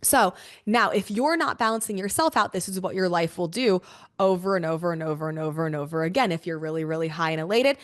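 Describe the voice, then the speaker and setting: Expressive young woman telling a story. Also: on the low side, fast talker. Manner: expressive, swears freely, laughs often. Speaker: podcast host. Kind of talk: casual storytelling to listeners.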